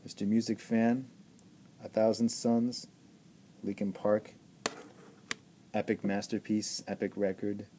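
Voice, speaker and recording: A man's voice: on the low side, level tone, slow, pauses often, dark tone, slight background noise. A man giving an enthusiastic album review, gushing and repeating himself with many stammered restarts. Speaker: music reviewer.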